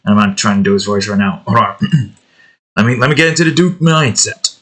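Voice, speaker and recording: A young man hosts his own drawing series, chatting casually as he works, rambling, correcting himself mid-sentence and trailing off. His voice is on the low side and fairly bright, at normal speed with frequent pauses.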